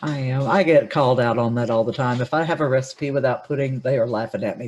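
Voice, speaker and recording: A woman's voice: extremely low pitch, fairly quick, darkish tone, lo-fi sound, slight background noise. A woman co-hosting a casual show, chiming in with quips and laughing often. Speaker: co-host. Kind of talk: casual chat.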